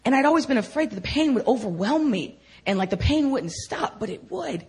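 A woman telling her personal testimony to listeners in an animated way, laughing often and speaking directly to them. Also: sits high, brisk, slightly rough.

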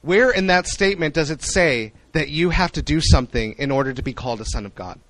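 A young man preaching a sermon in an animated way, acting out the voices he quotes. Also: on the high side, brisk, no echo, poor audio.

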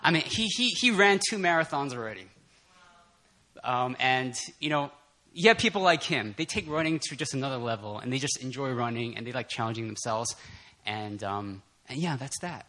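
Speaking at a moderate pace and medium pitch, this preacher keeps his prayer-meeting sermon casual and chatty. He laughs a lot, stays animated, and fills his talk with fillers and restarts.

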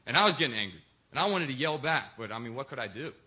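A man's voice: mid-range voice, lively intonation, quick pace, pushed and bright. A young man, a deacon, preaching a sermon in a church and telling stories with acted-out voices. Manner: storytelling, acts out quoted voices. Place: church in Korea.

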